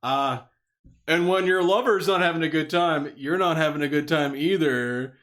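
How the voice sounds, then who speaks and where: A man co-hosting a casual comedy podcast, animated and swearing, often laughing and tripping over his words. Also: fairly high pitch, normal speed. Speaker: podcast co-host.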